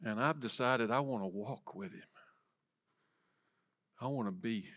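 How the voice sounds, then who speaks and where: Man preaching, loud to whispered. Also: mid-range voice, measured pace. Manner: dynamic preaching, swinging from loud emphasis to soft whispers. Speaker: pastor. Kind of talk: sermon. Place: church sanctuary.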